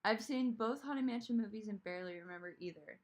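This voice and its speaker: A woman's voice: on the high side, fairly quick. A woman hosting a live stream, chatting casually and rambling as she answers comments from chat. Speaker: streamer host.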